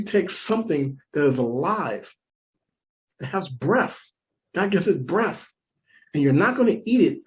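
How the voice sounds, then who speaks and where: A man with an American accent telling a stand-up story, animated and repeating lines for emphasis. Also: fairly high pitch, measured pace, pauses often. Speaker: stand-up comedian.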